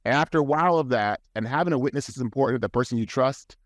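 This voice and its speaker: The studio recording, free of room sound, captures a man with a mid-range voice talking at a quick pace. As a guest on a casual podcast, he advises earnestly and keeps restarting his sentences.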